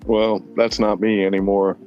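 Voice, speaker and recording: A man's voice: fairly low pitch, level tone, moderate pace, dark tone. A man hosting a podcast, telling rambling stories in a blunt, profane way. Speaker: podcast host. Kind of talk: casual chat. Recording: dull lo-fi sound.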